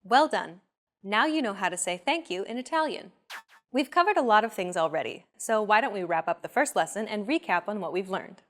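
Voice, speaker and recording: A woman hosting a language lesson, explaining with clear, friendly, scripted narration. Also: mid-range voice, animated, a little fast, fairly bright tone.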